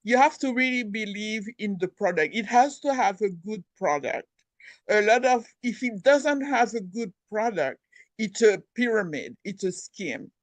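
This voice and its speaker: A woman's voice: mid-range voice, no echo. Woman guest explaining stuff earnestly, short plain phrases, mid voice, dry close sound. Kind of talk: casual conversational interview.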